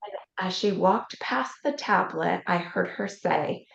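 Gravelly and fairly low, her voice moves at a measured pace as this woman, a coach being interviewed, earnestly relates a personal experience. She brings quoted voices to life while retelling it, captured in a roomy, slightly muffled recording.

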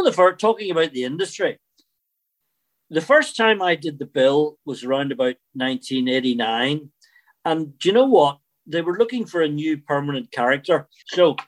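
Chatty man, older actor. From Northern Ireland. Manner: chatty storyteller, animated swings in pitch. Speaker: actor guest. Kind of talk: casual interview chat.

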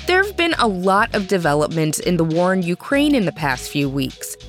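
Woman, news host, scripted, friendly upbeat delivery, animated pitch. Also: moderate pace, soft background music. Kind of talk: scripted news presenting for young viewers.

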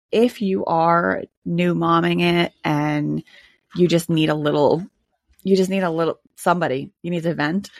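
Low, gravelly-voiced woman podcast host. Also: no room sound. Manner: candid, chatty, laughs often, many ums. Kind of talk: casual solo podcast monologue.

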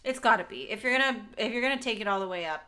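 A woman's voice: a little high, animated, sharp tone, slight background noise. A woman co-hosting a podcast in casual chat from a basement, playful and jokey. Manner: playful and chatty, quick to joke. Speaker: podcast co-host.

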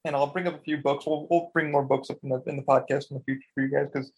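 A man co-hosting a podcast in casual chat, rambling and excitable, swearing a lot and acting out what people said. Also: mid-range voice, fast, breathy edge. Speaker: podcast co-host.

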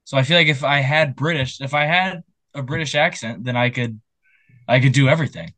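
A man's voice: medium pitch, a little fast, bright, forceful tone, dry recording. A young man co-hosting a podcast in casual chat, reading out news stories in a jokey way. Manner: jokey, laughs while talking.

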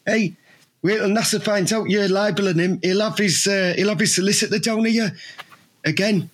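High husky man. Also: normal speed. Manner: boastful, rambling, repeats slang. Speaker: podcast co-host. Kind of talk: improvised comedy chat.

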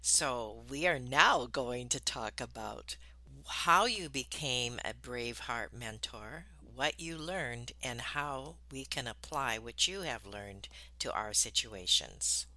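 A man hosting a podcast interview, opening with a brisk welcome and introducing his guest. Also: mid-range voice, expressive, pushed and bright. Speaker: podcast host.

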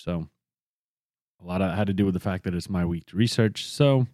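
A man's voice: low voice, a little mellow, dry recording, studio quality. A man co-hosting a casual podcast, chatty and a little rambling, poking fun at himself. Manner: chatty, rambling, self-deprecating. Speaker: podcast co-host. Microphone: studio podcast microphone.

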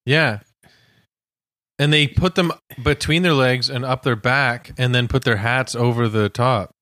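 A male comedian guest riffing through absurd bits in a deadpan way. His voice sits at a middling pitch and is recorded close and dry. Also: measured pace, no echo. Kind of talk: casual comedy chat.

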